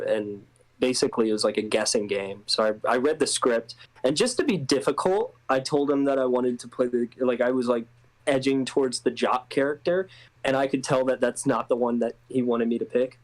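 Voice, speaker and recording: A man's voice: medium pitch, brisk, low-quality recording. A man being interviewed as an actor, talking casually with a hesitant manner. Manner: hesitant, many restarts and laughs. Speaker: guest actor.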